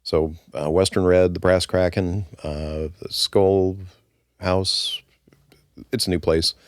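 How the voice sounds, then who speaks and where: A man, a former brewery owner, talking casually as a guest in an interview, relaxed and halting with restarts. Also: sits low, no echo, studio quality. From United States.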